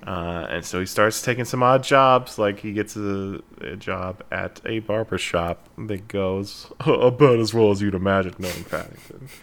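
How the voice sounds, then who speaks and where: A man hosting a casual podcast and recapping a movie in a relaxed way, with fillers and laughs, on a remote call. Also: lowish voice, normal speed, gravelly, few pauses. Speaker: podcast host.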